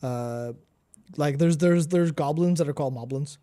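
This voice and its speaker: A man's voice: on the high side, normal speed, warm tone. Rambling man with a raised voice. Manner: rambling, repeats words while searching for terms, swears casually. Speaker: podcast co-host. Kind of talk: casual chat.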